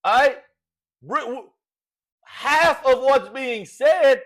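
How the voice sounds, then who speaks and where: Cajun sports talk host, high-pitched man, folksy animated rant with rhetorical questions. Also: unhurried, pauses often. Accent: Cajun Louisiana. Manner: folksy, animated, rhetorical, says "all right?" often.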